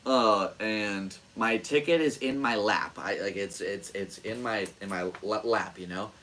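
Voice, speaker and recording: Lower-voiced man with a bright, forceful edge. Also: a little slow, poor audio. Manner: animated, swears freely, acts out quoted voices. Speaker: podcast host. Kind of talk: casual storytelling.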